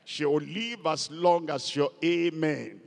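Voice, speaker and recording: A man's voice: on the high side, slow pace, gravelly, noisy background. A man preaching a sermon as pastor, emphatic and repeating key words for stress. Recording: long hall reverb.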